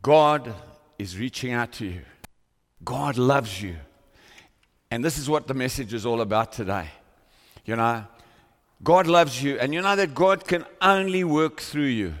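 A man's voice: medium pitch, animated, measured pace, pauses often, in a large hall. A man preaching a sermon to a congregation, praying and storytelling with fervent, rising intensity. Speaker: pastor. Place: church hall with congregation. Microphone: microphone on a stand.

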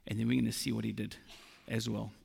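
A man preaching a sermon, slow and emphatic, quoting scripture. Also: lowish voice, little pitch movement, vocal fry, a little mellow, husky. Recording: long reverb of a large hall.

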